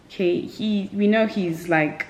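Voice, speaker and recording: A woman's voice: medium pitch, a little slow, slight background noise. A young woman talking candidly and rambling in a personal vlog at home. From South Africa. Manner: rambling, candid, tearful at times. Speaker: vlogger. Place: home at night.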